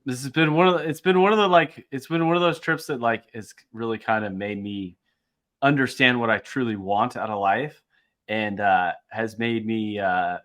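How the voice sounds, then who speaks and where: A man co-hosting a podcast, telling a travel story in casual chat, excitable and swearing freely, his voice jumping up when riled. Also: medium pitch, moderate pace. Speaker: podcast co-host.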